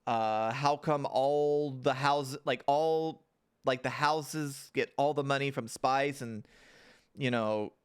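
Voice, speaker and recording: A man's voice: medium pitch, takes it slowly, clean tone. A man recapping a TV episode in a rambling, casual livestream, with many fillers and restarts. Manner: laughs and swears casually. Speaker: TV show reviewer.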